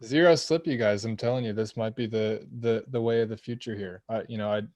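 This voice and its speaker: A man co-hosting a casual chat, playful and halting, with frequent "uh" restarts. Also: on the low side, flat delivery, dark tone, no echo. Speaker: co-host. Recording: dry close mic.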